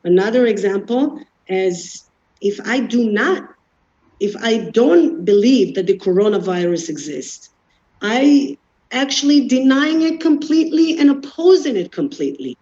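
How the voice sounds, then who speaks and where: In a dull lo-fi recording, a woman with a fairly high, dark-toned voice and lively intonation speaks unhurriedly. She gives an earnest explanatory talk on defense mechanisms, walking through everyday examples without judging anyone.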